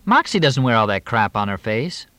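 A man's voice: medium pitch, sing-song, moderate pace, sharp tone, dry recording. A man reading an audiobook, voicing a brash, mocking teenage girl in a raised, brassy tone.

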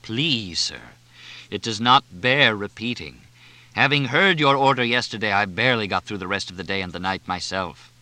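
A man voicing a sarcastic, haughty waiter with arch, drawn-out, mock-formal delivery. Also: on the low side, animated, pushed and bright, no echo.

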